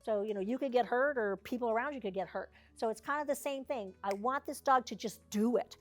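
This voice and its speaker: A woman's voice: fairly high pitch, a little fast. A woman service dog trainer leading a hands-on class, chatty and down-to-earth with joking asides.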